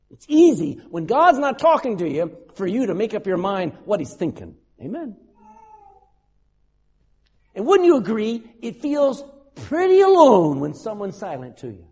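A man preaching a sermon as a pastor, animated and acting out quotes dramatically. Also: high-pitched, husky.

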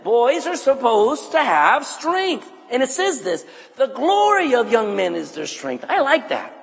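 Male pastor, high, swooping voice, teasing and animated, calls people out from the pulpit, church hall echo. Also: measured pace, creaky. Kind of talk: sermon to young men. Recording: echoey hall.

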